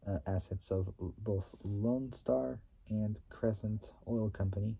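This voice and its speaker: A man reads history aloud at a slow, unhurried pace, stumbling and going back over his phrases. His voice is very dark and mellow, with a husky edge. He breaks off now and then to clear his throat. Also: fairly low pitch. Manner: stumbling reader who repeats and restates phrases. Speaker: channel host reading company history. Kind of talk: halting read-aloud history recap.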